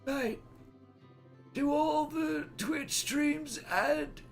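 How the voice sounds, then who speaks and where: A man's voice: very high-pitched, extremely slow, gravelly, faint music behind, pitched above the performer's own voice, full character voice. A man voicing a confused old man who asks hesitant, puzzled questions.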